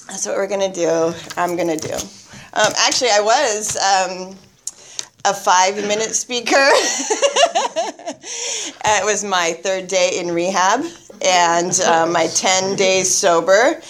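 A woman's voice: mid-range voice, animated, slow, slight background noise. A woman telling her own story to a meeting audience, nervous and chatty, often laughing at herself. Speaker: guest speaker at a recovery meeting. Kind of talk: personal story told to a live audience.

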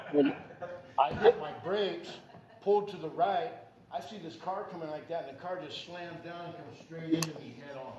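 A man's voice: on the high side, low-quality recording. A middle-aged man telling a personal story in casual, rambling speech, full of fillers and repeated phrases.

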